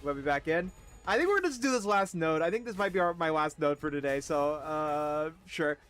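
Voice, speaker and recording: A man's voice: fairly high pitch, expressive, a little fast, fairly bright tone, soft background music. Self-mocking male game streamer. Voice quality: swearing, self-deprecating, rambling. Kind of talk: casual gaming commentary.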